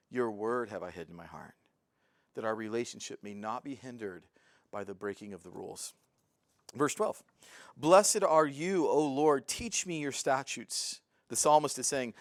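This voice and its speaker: A man teaching a verse-by-verse Bible lesson in an earnest, preacherly way that swells into excited fervor. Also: mid-range voice, no room sound, clean studio sound.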